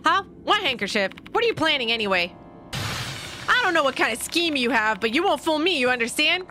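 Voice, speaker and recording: Brief: woman playing a high, bright, snappy teen schoolgirl, hostile and mocking, game voice. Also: sing-song, fairly quick, soft background music, exaggerated voice. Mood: suspicious. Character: prickly hostile teenage schoolgirl.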